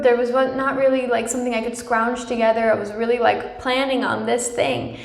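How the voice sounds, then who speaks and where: A young woman with a fairly high voice talks softly and reassuringly about her own feelings, pausing often to check in with her listeners. Her voice carries a noticeable echo from the room around her. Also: little pitch movement, vocal fry. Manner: gentle and reassuring, often adds "right?". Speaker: spiritual channel host. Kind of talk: personal spiritual talk to viewers.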